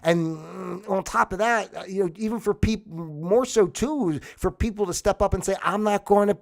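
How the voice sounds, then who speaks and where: A man's voice: high-pitched, moderate pace, gravelly. A man hosting a livestream and talking alone in a casual monologue that rambles with many restarts and grows heated as he goes. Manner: rambling, restarts often, heated when worked up. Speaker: livestream host.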